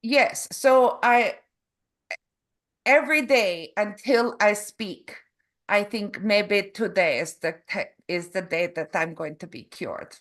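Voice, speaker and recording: Woman interviewer, aphasia, halting word-finding, unhurried. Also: mid-range voice, fairly bright tone. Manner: halting, searching for words, frequent restarts. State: has aphasia. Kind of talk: casual conversation.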